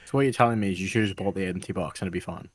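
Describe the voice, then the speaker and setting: A man's voice: deep voice, very fast, dry recording, studio quality. A man co-hosting a podcast, blunt and wryly teasing his co-host. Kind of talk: casual podcast chat.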